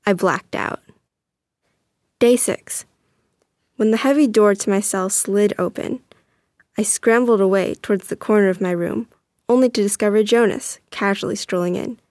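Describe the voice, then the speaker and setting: A woman's voice: mid-range voice, normal speed, pauses often, darkish tone, dry recording. Woman reading a story, dry sound. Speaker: narrator. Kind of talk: first-person story reading.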